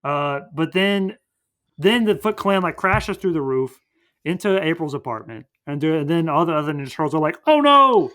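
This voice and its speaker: A man's voice: a little high, normal speed, fairly bright tone. A man hosting a podcast, casually recapping a movie in a rambling way full of fillers. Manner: rambling, filler-heavy retelling. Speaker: podcast host.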